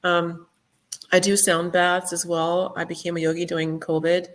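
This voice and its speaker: A middle-aged woman talking as a podcast guest in a casual interview, reflective and soft-spoken, with many fillers. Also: fairly low pitch, flat delivery, normal speed.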